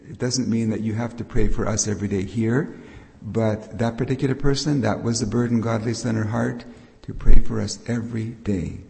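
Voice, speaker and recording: A man's voice: fairly low pitch, steady tone, moderate pace, creaky, warm tone. An older man giving a patient, explanatory Bible teaching sermon as a preacher. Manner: explanatory, patient, with frequent restarts. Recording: long reverb of a hall.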